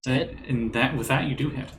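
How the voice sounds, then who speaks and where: A man's voice: medium pitch, a little fast, creaky, reverberant, a little hiss or hum. A man narrating as game master of a tabletop game, casual and loose. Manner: casual, loose, laughs easily.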